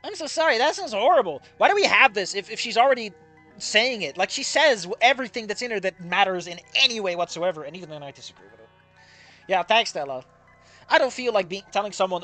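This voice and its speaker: A sarcastic game commentator with a bright, sharp voice that swings widely in pitch while ridiculing a visual novel. Faint game music plays behind the talk. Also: sing-song, fast talker. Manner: sarcastic, exasperated, laughs at the writing. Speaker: let's play commentator.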